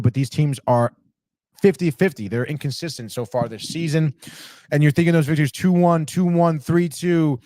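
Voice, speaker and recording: Man, sports podcast host, excitable, swears a lot, says dude, dry close sound. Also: fairly high pitch, dry recording. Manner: excitable, swearing, trash-talking teams, slangy "dude". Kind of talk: live sports betting talk. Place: alone at a computer reading chat comments.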